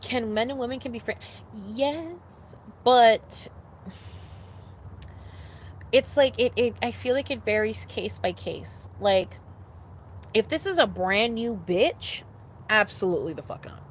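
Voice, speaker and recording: A woman's voice: on the high side, animated, slow pace, long pauses. Young adult woman, casual vlog rant, blunt and profane, faint background noise. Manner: blunt, profane, emphatic repetitions. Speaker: vlogger.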